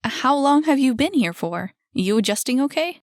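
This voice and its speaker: A woman voicing a brisk, friendly woman who manages a club, emphatic and quick to exclaim. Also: sits high, expressive, dry recording, studio quality, pitched above the performer's own voice. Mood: sympathetic.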